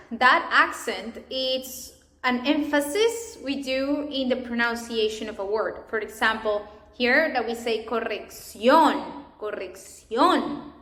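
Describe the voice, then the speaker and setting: A woman's voice: a little high, fairly bright tone. A woman with a Spanish accent, a native Spanish speaker teaching a pronunciation lesson, spelling out letters and example words with care. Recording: echoey room.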